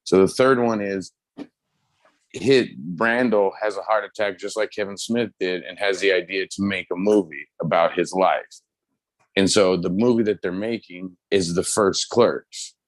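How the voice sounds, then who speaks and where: A man co-hosting a casual pop culture chat, talking loosely with lots of swearing and excited retelling. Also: low-pitched, measured pace, dry recording. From United States. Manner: loose, profane, excitable storytelling. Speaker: podcast co-host.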